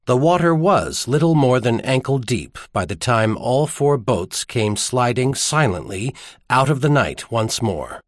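A man reading an audiobook in a measured storytelling delivery. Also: mid-range voice, dry recording, clean studio sound. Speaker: audiobook narrator. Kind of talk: scripted narration.

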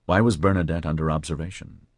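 A man's voice: sits low, fairly even intonation, quick pace, no echo, studio quality. A man playing a harried, terse male police chief.

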